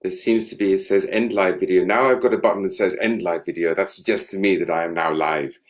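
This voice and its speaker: A middle-aged English man with a very low voice, chatting on a livestream from his home. His talk is dry, facetious and self-mocking, with an easy casual delivery. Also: steady tone, brisk. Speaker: author on a live book event. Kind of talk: casual solo livestream chat.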